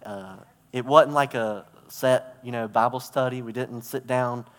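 A man's voice: mid-range voice, fairly even intonation, measured pace. A man giving a conversational sermon in a church, telling stories and acting out parts as he goes. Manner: conversational, storytelling with props and gestures. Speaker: preacher. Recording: reverberant hall.

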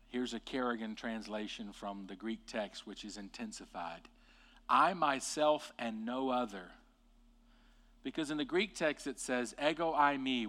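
A man preaching a sermon with passion, rising to loud emphatic peaks and dropping to quiet, deliberate lines. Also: mid-range voice. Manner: impassioned, swings from hushed to loud and emphatic.

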